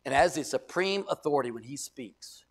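A man's voice: mid-range voice, animated, normal speed, slightly rough. A middle-aged man from the United States preaching a sermon as pastor, emphatic, repeating phrases and acting out quoted voices.

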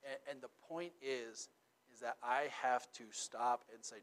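Here a middle-aged man serves as pastor, giving a sermon that feels like conversation and keeps checking in with "right?" and "okay?". Slightly slow and medium in pitch, he shifts from booming emphasis to soft intimacy.

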